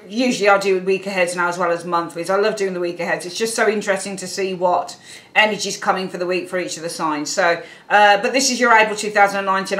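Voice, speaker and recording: A woman's voice: medium pitch, a bit bright. A woman with a British accent giving a chatty, rambling tarot reading, with lots of asides to her viewers. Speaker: tarot reader. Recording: echoey room.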